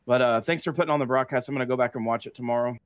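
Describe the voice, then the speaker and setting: A man's voice: mid-range voice, very fast, no room sound, studio quality. A man being interviewed after winning a race, answering in an easygoing way with many fillers. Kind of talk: casual post-race interview.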